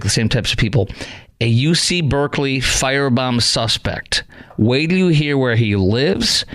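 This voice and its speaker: Middle-aged guy running a call-in radio show, sarcastic and fed up, regular pitch. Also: fairly bright tone. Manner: sarcastic, exasperated, scoffing. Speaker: radio talk show host. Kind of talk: call-in talk radio monologue.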